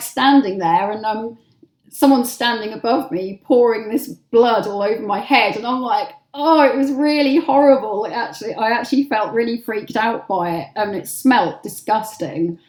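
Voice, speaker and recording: A woman's voice: medium pitch, darkish tone, reverberant. An English woman telling stories as an interview guest, chatty and full of filler words. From England. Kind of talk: casual storytelling.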